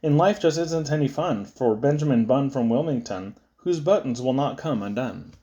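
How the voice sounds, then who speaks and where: A man giving a playful, sing-song reading of children's poems, with sudden high squeaks and low drops. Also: animated, normal speed, dark tone, dull audio. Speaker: poetry reader.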